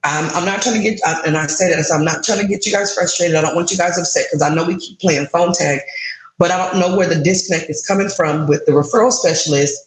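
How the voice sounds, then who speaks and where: A woman's voice: fairly low pitch, fast talker, echoey room, rough recording. A woman in her thirties candidly recounting a frustrating personal experience in an interview, with emotion in her voice. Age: 30s. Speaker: guest sharing her story.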